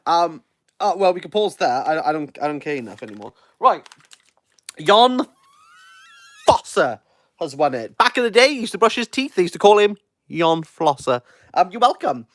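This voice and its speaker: Excitable Welsh man reacting live. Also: a little high, moderate pace, long pauses, no room sound. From Wales. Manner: excitable, jokey, self-mocking. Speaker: book reviewer. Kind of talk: live reaction, casual chat.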